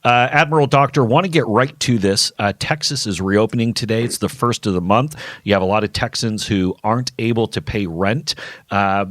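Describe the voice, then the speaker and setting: An upbeat, direct man co-hosting a talk radio show and putting questions to a guest. His voice is on the low side, and the sound is dry with little room reverb. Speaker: co-host.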